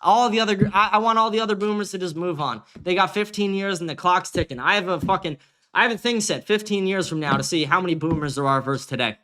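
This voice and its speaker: A man with a fairly high, bright voice hosts his own livestream. He rants in a loose, combative way, swearing constantly. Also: quick pace. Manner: profane, combative ranting. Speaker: livestream host. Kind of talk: casual livestream rant.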